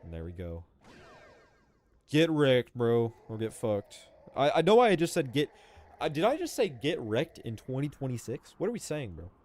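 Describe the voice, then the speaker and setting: Animated young man streaming, swearing casually. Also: mid-range voice, normal speed. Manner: chatty and profane, says "bro" constantly, often laughs. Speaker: live streamer playing a video game. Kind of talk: casual gaming commentary. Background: faint game music.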